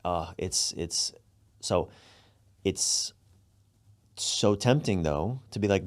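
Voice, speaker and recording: A man's voice: low-pitched, takes it slowly, pauses often. A middle-aged man, a relationship coach, speaking reflectively as an interview guest over a video call, searching for words. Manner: reflective, searching for words, animated when excited. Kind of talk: candid interview conversation.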